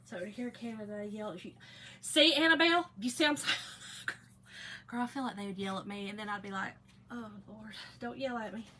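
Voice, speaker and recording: A woman's voice: medium pitch, lively intonation, brisk, pushed and bright, slight background noise. A woman hosting a crafting livestream, chatting folksily with viewers and reading out their comments. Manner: chatty, folksy, calls viewers girl and y'all.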